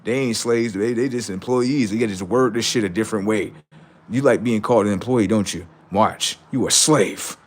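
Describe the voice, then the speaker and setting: A man's voice: lowish voice, fairly quick, a little mellow. A man ranting on a livestream, profane and mocking, laughing often. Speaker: streamer. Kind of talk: casual livestream rant.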